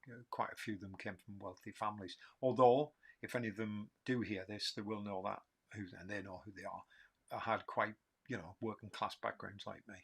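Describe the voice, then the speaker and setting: A man's voice: on the low side, fairly even intonation, a little fast, gravelly, breathy edge. A man in his fifties with a Geordie accent from Newcastle, hosting a casual livestream Q&A, rambling and joking at his own expense. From Newcastle, England. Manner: rambling, self-mocking, laughs often. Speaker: livestream host answering questions.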